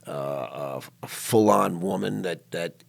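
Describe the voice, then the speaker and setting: A man's voice: deep voice, takes it slowly, gravelly. An older man hosting an interview in a studio, emphatic and prone to repeating himself as he tells personal stories. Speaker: podcast host. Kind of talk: emotional interview chat.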